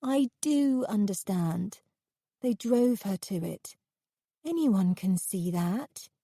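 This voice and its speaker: A woman voicing a naive, excitable young woman painter in an audiobook, squealing and eager. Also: medium pitch, slow pace, husky, no echo, studio quality, exaggerated voice. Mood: gushing.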